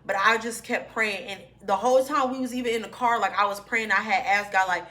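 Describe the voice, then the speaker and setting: A woman's voice: medium pitch, brisk, hardly any pauses, sharp tone. A young woman, telling a personal story to her viewers in a chatty, informal way. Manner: chatty, addresses viewers as y'all. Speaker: vlogger. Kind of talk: storytime vlog.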